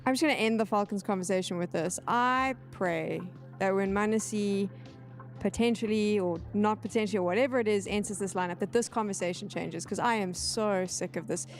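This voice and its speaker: A woman hosting an esports analysis desk, brisk and steering the talk, at times exasperated. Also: mid-range voice, soft background music.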